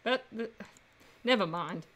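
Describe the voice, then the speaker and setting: A woman's voice: medium pitch, animated, slow pace, fairly bright tone. A woman casually playing and reading through a game on a stream, musing aloud. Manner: musing, reads dialogue and narration aloud.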